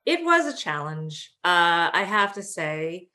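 A woman, a film producer being interviewed, telling stories in an animated way with many fillers. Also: fairly low pitch, slow. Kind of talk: conversational interview.

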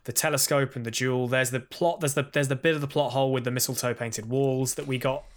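Man, podcast co-host, casual chat, animated, repeats words, mid pitch. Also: fast. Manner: animated, chatty, repeats words when starting sentences.

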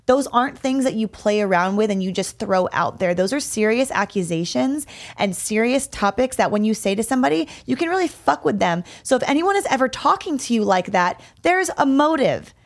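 A young adult woman in casual podcast chat, telling personal stories in a candid, expressive way and swearing freely. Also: a little high, brisk.

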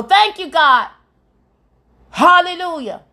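A woman's voice: high voice, slow pace, long pauses, fairly bright tone. A woman hosting a devotional podcast, preaching fervently and repeating her phrases with cries of praise. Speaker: evangelist podcast host. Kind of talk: devotional sermon.

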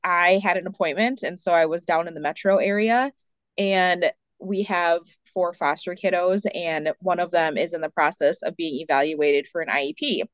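Energetic woman on dull lo-fi audio. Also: lowish voice, clean tone, no echo. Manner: energetic, quick bursts. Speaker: social worker and mediator. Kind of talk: casual panel chat.

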